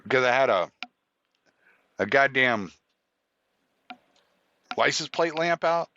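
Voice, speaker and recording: A podcast host tells a rambling, profane personal story as a casual monologue, restarting often and quoting dialogue. His mid-range voice is bright and forceful, with lively intonation and a slow pace. The dull, dry lo-fi recording carries a little hiss or hum.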